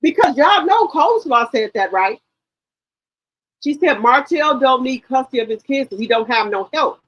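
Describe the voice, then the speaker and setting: A woman's voice: sits high, expressive, normal speed, a bit bright, dry recording, muffled recording. A woman hosting a gossip channel in casual livestream commentary, talking straight to her viewers with heavy swearing.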